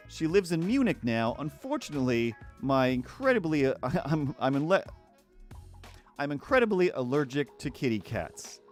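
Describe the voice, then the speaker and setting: A man's voice: a little high, sing-song, moderate pace, soft background music. A Canadian man rambling casually on a live stream while he draws, self-mocking and full of fillers and restarts. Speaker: streamer and cartoonist.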